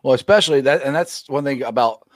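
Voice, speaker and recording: A man's voice: mid-range voice, fast, dry recording. Man, sports show host, casual interview, laughs often, self-deprecating, dry sound.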